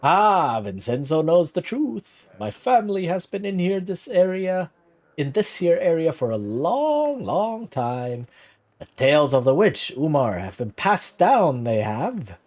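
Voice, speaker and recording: A man's voice: mid-range voice, moderate pace, a little mellow, lightly acted. A man voicing a boastful old male villager telling a witch tale, with theatrical, shifting put-on accents.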